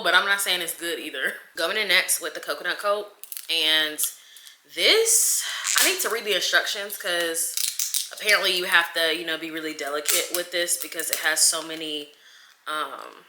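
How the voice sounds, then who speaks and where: A woman's voice: on the low side, bright, forceful tone, slight background noise. A young woman chatting casually to camera in a vlog, dramatic and talking to viewers as y'all. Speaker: vlogger. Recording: echoey room.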